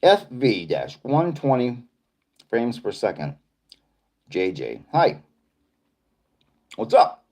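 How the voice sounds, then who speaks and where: A man's voice: medium pitch, wildly swooping pitch, slow pace, long pauses, mellow. A middle-aged man from Boston with a Boston accent, hosting a casual livestream and reading viewer comments in a rambling, laid-back way. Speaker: livestream host.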